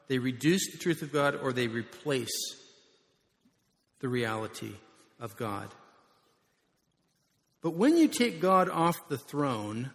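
A man preaching a sermon, his voice sitting a little higher than most men's and swelling in volume on the words he stresses. The sound rings with the long reverb of a large church sanctuary. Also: vocal fry. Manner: emphatic preaching, surging loud on key words. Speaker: pastor.

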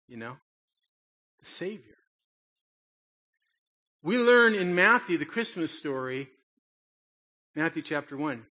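Husky, bright-voiced older preacher. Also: male voice, fairly high pitch. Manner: animated storytelling, acts out childlike pleading. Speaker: pastor. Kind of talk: Christmas sermon.

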